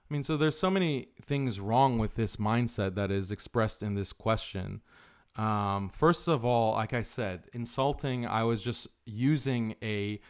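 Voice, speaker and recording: A man's voice: fairly low pitch, clean tone. Emphatic male live-stream host. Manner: forceful, emphatic, repeats points.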